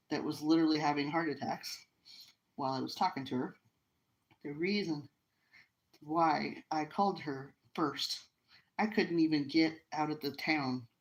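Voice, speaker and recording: A woman's voice: sits low, low-quality recording. A middle-aged woman from the United States, hosting a live stream at home by the fire and telling a personal story in a casual, earnest, emotional way with many restarts. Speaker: livestream host.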